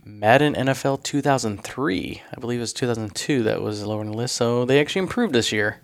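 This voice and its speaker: Male co-host, mid-pitched, relaxed and agreeable in conversation. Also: fast, dry recording. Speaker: podcast co-host. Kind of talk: casual chat.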